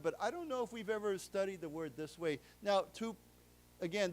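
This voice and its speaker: An American man teaching a live English class, breaking down vocabulary step by step with plenty of "you know" and restarts. His voice sits a little high for a man. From United States. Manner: explains vocabulary slowly, with many fillers and restarts. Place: lecture room in a library.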